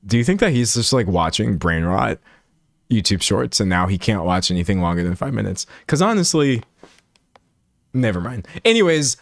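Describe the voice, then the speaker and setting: Animated rambling male streamer, dry sound. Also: lowish voice, moderate pace, gravelly, no room sound. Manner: animated and rambling, self-mocking, many restarts. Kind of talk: live stream commentary reading chat.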